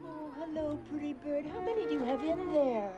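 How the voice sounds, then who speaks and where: A woman's voice: sits high, fairly quick, muffled recording, over loud music, lightly acted. An actress playing a stubborn older woman who speaks tenderly to birds.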